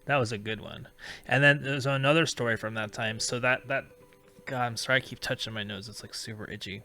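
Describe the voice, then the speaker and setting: Bright-voiced man telling rambling stories. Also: medium pitch, steady tone, brisk, soft background music. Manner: rambling, laughs through anecdotes. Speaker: call-in show host. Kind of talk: casual storytelling chat.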